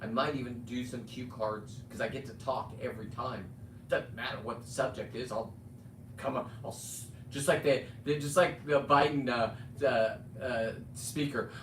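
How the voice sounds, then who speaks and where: A man's voice: mid-range voice, steady tone, moderate pace. Middle-aged male streamer, blunt, rambling, off-mic in an echoey room. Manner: blunt, rambling, swears and restarts. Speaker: livestream host. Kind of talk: ranting livestream monologue. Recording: roomy sound, distant mic, faint ambient noise.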